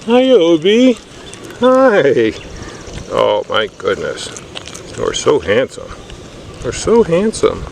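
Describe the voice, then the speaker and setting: Slow, gushing man sweet-talking dogs. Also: fairly high pitch, huge pitch swings, darkish tone. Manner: gushing, sweet, drawn-out greetings. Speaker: training helper greeting dogs. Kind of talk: affectionate baby talk to dogs. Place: outdoor training field. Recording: outdoor recording with clear background noise.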